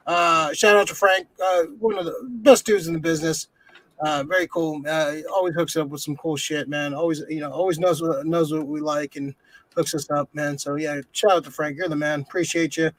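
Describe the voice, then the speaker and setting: High-voiced man, casual profane chat. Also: fairly even intonation, a little fast, a bit bright, poor audio. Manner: loose and profane, many fillers. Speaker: podcast co-host.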